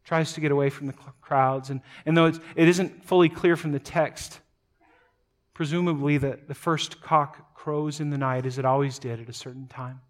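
A man preaching a sermon, retelling a scripture story dramatically, moving between loud emphatic passages and quiet low asides, often repeating words as he goes. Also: steady tone, moderate pace. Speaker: pastor.

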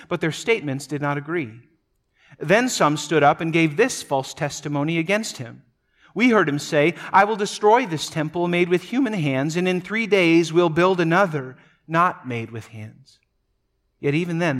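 A man's voice: a little high, a bit bright. A man preaching a sermon as pastor, telling a story earnestly with frequent restarts.

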